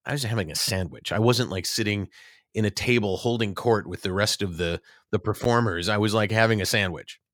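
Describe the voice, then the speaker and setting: A man's voice: lowish voice, brisk, fairly bright tone, no echo, clean studio sound. A middle-aged man, an actor, telling rambling, self-deprecating stories in a casual interview, with many restarts.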